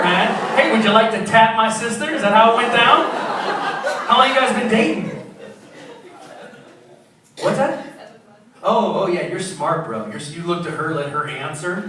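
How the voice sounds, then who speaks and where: A man's voice: high-pitched, far from the mic. A man doing a brash stand-up set on a comedy club stage, teasing people in the audience. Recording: echoey club recording from afar, loud crowd. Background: crowd laughter.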